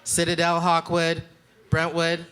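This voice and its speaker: Bright-voiced man performing spoken word. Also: a little high, monotone, unhurried, clear, resonant tone. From Calgary, Canada. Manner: rhythmic, dramatic, emphatic delivery. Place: festival stage before a live audience.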